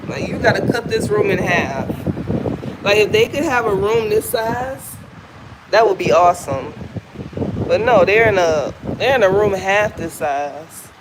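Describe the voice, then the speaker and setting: A Southern American woman chats candidly to her camera as she walks, her voice sitting in a middle pitch. Traffic and steady outdoor noise run clearly under her voice. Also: measured pace. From Southern United States. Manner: candid, chatty, folksy. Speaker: vlogger. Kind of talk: casual chat while walking. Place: outdoors on a walk.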